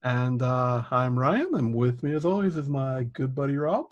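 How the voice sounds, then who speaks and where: Un homme canadien d'âge mûr, au ton décontracté et autodérisoire, anime un podcast en toute simplicité, la voix d'une hauteur moyenne. Son micro faiblit et baisse de niveau par moments. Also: male voice, medium pitch, moderate pace, dull audio. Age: middle-aged. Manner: easygoing, self-mocking, many fillers. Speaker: podcast co-host. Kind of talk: casual chat. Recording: level drops out and goes quiet.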